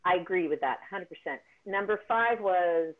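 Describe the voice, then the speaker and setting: A woman's voice: on the low side, animated, normal speed. Woman coaching singers over a tinny call. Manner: warm, encouraging, with frequent ums and restarts. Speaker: vocal coach. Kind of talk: online singing workshop. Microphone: video call. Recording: tinny phone-like call audio.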